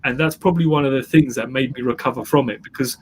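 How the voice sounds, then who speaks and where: A man's voice: medium pitch, quick pace, breathy edge. A man who is a guest entrepreneur, telling his story in an emphatic interview style and repeating phrases for effect. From England.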